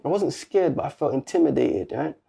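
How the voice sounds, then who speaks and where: A man's voice: a little high, expressive, fairly quick, creaky, mellow, slightly rough. A man with a British accent, telling a personal story in an interview in casual, slangy street talk, acting out the dialogue. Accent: British English. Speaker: guest.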